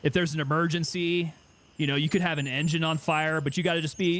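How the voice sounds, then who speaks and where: A man's voice: on the high side, fairly even intonation, fairly quick, a bit bright, a little hiss or hum. A man streaming a game, chatting and joking in casual commentary. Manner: chatty, joking, self-amused.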